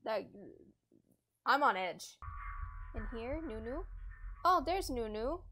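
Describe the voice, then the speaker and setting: A woman's voice: on the high side, very animated, slow pace, bright, forceful tone, a little hiss or hum, rough recording. A young adult woman streaming a horror game live, panicking, swearing and repeating herself under stress. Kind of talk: live gameplay reaction.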